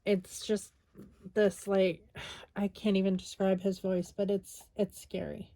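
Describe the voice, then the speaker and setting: A woman's voice: mid-range voice, level tone, a little slow, warm tone. An exhausted woman chatting casually while she crafts, rambling with lots of fillers. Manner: rambling, tired, many fillers. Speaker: scrapbooking vlogger.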